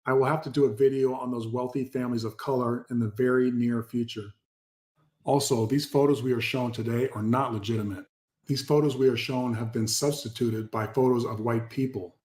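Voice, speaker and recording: A man hosts his own channel, reading passages aloud and commenting on them emphatically. His medium-pitched voice is steady, brisk and somewhat dark, and he repeats key words while addressing viewers directly.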